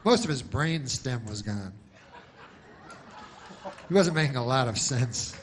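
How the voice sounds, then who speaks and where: Deadpan, rambling male comedian. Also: medium pitch, measured pace, a little hiss or hum. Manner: deadpan, rambling, full of restarts. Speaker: stand-up comedian. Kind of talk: stand-up comedy.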